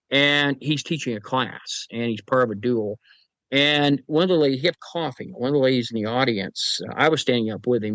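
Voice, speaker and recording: A man tells long, folksy anecdotes as a podcast guest, slipping into other people's voices when he quotes them. His voice sits at a middle pitch. The close mic gives a dry sound with no room echo. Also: a bit bright. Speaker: paranormal team chief, podcast guest. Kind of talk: casual storytelling interview.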